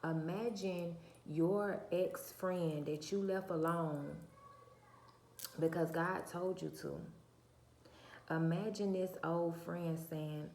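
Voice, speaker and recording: Soft-spoken woman with a cracking voice. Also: fairly even intonation, slow pace, vocal fry, echoey room, slight background noise. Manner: soft-spoken, talks low; preachy, emphatic rhetorical questions. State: voice low and cracking. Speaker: channel host. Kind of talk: casual monologue to viewers. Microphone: phone or camera mic, her own mic uncharged.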